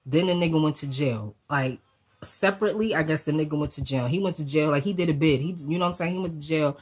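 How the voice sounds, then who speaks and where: A woman getting over a cold, telling a personal story to her viewers in an animated, profane, slangy way. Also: sits low, fast. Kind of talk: casual storytime vlog.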